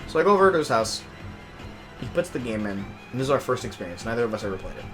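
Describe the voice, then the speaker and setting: A young man telling a story in casual chat, animated and profane, swinging from low mutters to loud outbursts. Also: very fast, music in the background. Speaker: podcast host.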